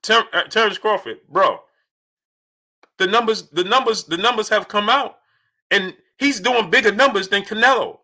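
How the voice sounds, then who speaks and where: Male streamer, high and bright, who keeps repeating rhetorical questions and greets the viewers in the chat by name. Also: normal speed. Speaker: boxing channel host. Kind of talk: livestream commentary, reading chat.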